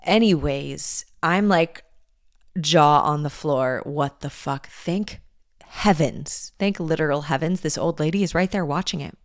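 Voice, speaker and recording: A young woman hosting a podcast, telling a personal story in a candid, animated way and swearing freely. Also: deep voice, unhurried, dry recording, clean studio sound. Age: young adult. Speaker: podcast host. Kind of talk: casual storytelling monologue.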